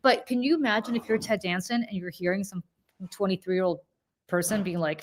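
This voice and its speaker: A woman in her forties co-hosting a podcast, telling a story in a lively, casual way with many fillers and self-corrections. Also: mid-range voice, brisk, a little hiss or hum. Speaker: podcast co-host.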